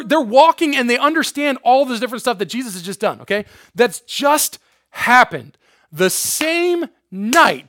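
A man with a high voice preaches to a youth group in a casual, lively way, acting out scenes and cracking jokes as he goes. The recording is dry and close, with little room sound. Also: no room sound. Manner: casual, animated storytelling with jokes. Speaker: youth pastor. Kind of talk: sermon.

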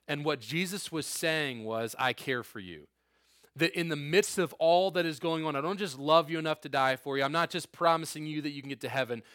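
A man's voice: on the high side, a little fast, fairly bright tone, no echo, clean studio sound. A man preaching a conversational sermon as a pastor, earnest and emphatic with informal asides.

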